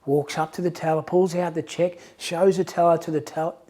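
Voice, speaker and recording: A man's voice: fairly high pitch, normal speed. Casual male coach telling a story. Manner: casual, animated, with restarts. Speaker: success coach. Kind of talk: motivational storytelling.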